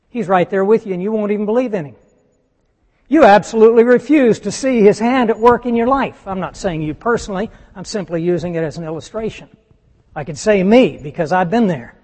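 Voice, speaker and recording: A high-pitched man preaches with emphatic force and asks his listeners question after question. His voice rings through the long reverb of a large church hall. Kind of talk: sermon.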